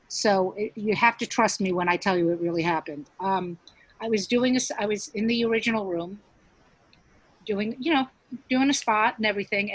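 A woman's voice: mid-range voice, low-quality recording. A middle-aged woman, a stand-up comedian, telling stories in a casual interview, chatty, with many restarts and acted-out quotes.

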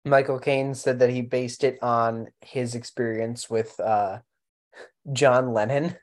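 A man co-hosting a podcast, chatting casually about a film in a relaxed, anecdotal way. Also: mid-range voice, slow. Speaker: podcast co-host.

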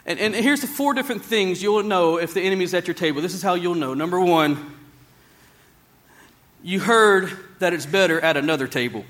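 A man with a high speaking voice preaches to his congregation. He is emphatic and repeats phrases, often stumbling and restarting to drive a point home. The sermon is given live in a church. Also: normal speed, a bit bright. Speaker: pastor. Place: church service, also streamed to another campus.

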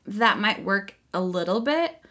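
A woman's voice: medium pitch, very animated, unhurried, a bit bright. A woman hosting a podcast in a casual chat, laughing often and swearing freely. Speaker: podcast host. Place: child's bedroom, seated on floor.

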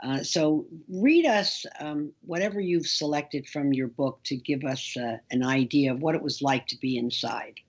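A woman hosting an interview who talks slowly and hesitantly, with many fillers. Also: low-pitched, husky, dull audio. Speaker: interview host.

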